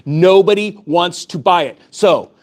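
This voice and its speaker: A man's voice: sits high, unhurried, darkish tone. A man giving urgent, fired-up finance commentary to camera as a YouTube host, repeating points for emphasis. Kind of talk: impassioned direct-to-camera commentary.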